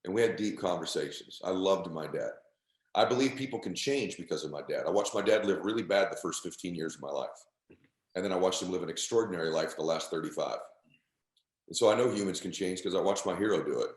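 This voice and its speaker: Middle-aged guy, low voice, intense pep talk, roomy echo. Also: animated, fast talker. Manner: intense, emphatic, calls listener "bro". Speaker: guest, motivational speaker. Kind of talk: emotional motivational storytelling.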